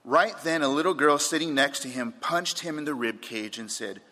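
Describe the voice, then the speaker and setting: A man's voice: fairly high pitch, moderate pace, sharp tone. A man preaching a sermon as pastor, repeating his key points and telling light anecdotes, in a church sanctuary. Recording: long reverb of a large room.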